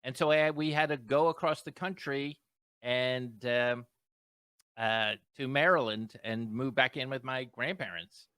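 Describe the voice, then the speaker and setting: A male comedian tells a rambling, self-mocking story over a video call. His voice is bright and sharp. The sound is dry, with no room to it. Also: mid-range voice, measured pace, smooth, dry recording. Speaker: guest comedian.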